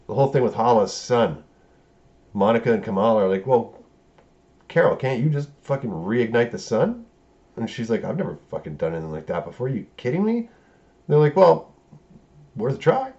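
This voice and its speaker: A man's voice: fairly low pitch, darkish tone, highs cut off. A man giving a rambling, profane, casual film review, acting out the characters' lines as he goes.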